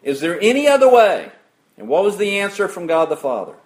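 High, lively-voiced preacher asking questions. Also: male voice, a little fast. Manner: asks the congregation questions and answers them himself; reads scripture aloud with rising emphasis. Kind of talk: sermon.

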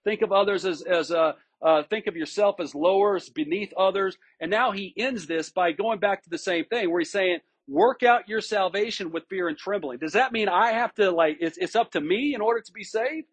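A man with a fairly high voice preaches in a relaxed, conversational way. His tone is husky and a little breathy. He often restarts his phrases and checks in with the listeners. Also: moderate pace, hardly any pauses. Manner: informal, with frequent restarts and rhetorical "right?". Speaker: pastor. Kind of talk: conversational sermon.

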